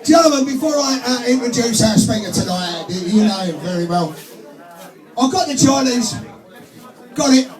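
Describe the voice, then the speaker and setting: A man's voice: extremely high pitch, lively intonation, normal speed. A man compering an evening dinner, doing a crude stand-up routine full of swearing and laughing at his own gags. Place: function room at an evening dinner. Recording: echoey function room with music and crowd.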